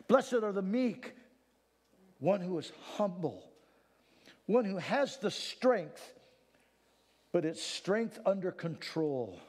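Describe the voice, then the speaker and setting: A man preaching a sermon. He swings from hushed, solemn passages to fervent near-shouting. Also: high voice, very animated, slow, pauses often, breathy edge, big-room sound.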